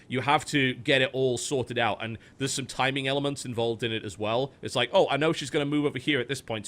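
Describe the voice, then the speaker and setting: A man chatting casually on a podcast, talking up games he loves and swearing freely. His voice is bright and tense, at an ordinary pitch for a man. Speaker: podcast host. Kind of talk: casual chat, game recommendations.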